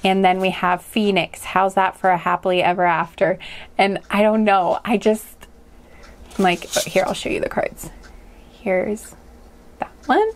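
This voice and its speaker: A woman's voice: medium pitch, steady tone, moderate pace. A woman giving a casual pick-a-card tarot reading, rambling and hesitant, with many fillers and frequent laughs. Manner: rambling and hesitant, full of likes and ums, laughs often.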